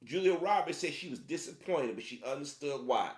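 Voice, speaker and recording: A man's voice: fairly high pitch, lively intonation, fairly quick. A man giving casual commentary to his viewers, emphatic and repetitive, often restarting his sentences. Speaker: commentary vlogger. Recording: roomy echo.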